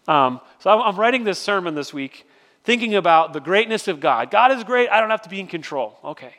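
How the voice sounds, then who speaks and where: In a church sanctuary, a middle-aged pastor preaches with a fairly high, slightly bright voice, animated and fairly quick. He tells stories conversationally, restarting often, and the large hall gives a long reverb.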